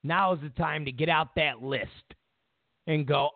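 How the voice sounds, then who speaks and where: Gravelly high-voiced guy hosting a rant show, slow and mocking, sounds tinny like a phone. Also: no room sound. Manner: loud, mocking, animated rant with put-on quoted voices. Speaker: host of a political commentary show. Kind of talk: ranting political commentary.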